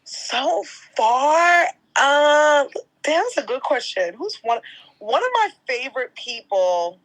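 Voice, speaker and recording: A woman in her thirties, a guest on a podcast, telling stories in a lively, casual way and swearing now and then. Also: high-pitched, slow pace, poor audio. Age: 30s. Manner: animated storyteller, swears casually. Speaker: guest, entertainment host.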